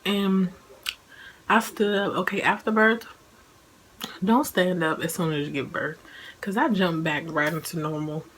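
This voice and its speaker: A woman's voice: lowish voice, a little slow, long pauses, a bit bright, a little hiss or hum, poor audio. A woman in her twenties, a vlogger chatting casually about her own experience, saying "like" often and laughing as she talks. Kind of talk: casual personal storytelling.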